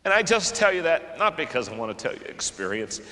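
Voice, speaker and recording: An older man preaching to a conference, moving between hushed storytelling and fervent, raised passages. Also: fairly high pitch, big pitch swings, brisk. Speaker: pastor. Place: conference hall. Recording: large hall with long reverb.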